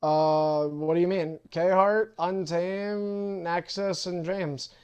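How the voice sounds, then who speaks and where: A man's voice: sits high, steady tone, slow pace, darkish tone, clean tone, muffled recording. A young man hosting an online wrestling league on a livestream, casually setting up matches and cursing impatiently at players who are late. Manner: profane, impatient, bossy.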